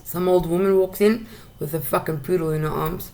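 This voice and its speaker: Against a noisy background, a woman from South Africa rants alone on her talk show, speaking fairly quickly in a steady, lowish voice. It's a casual monologue, blunt and laced with swearing, with words repeated as her temper rises.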